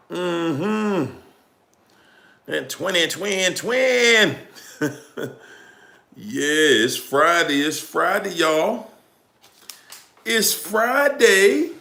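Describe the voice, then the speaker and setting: A livestream host with a Washington DC accent greets viewers by where they're tuning in from, drawing out his hype. His high voice is creaky, bright and forceful, heard with a roomy echo and background music.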